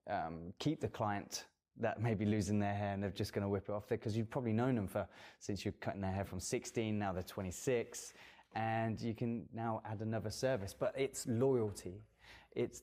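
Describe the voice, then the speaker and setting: A man's voice: on the low side, steady tone, normal speed, mellow. A man who works as a hairdresser, giving a guest interview in a casual chat and explaining earnestly at length with fillers. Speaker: guest hairdresser and salon owner.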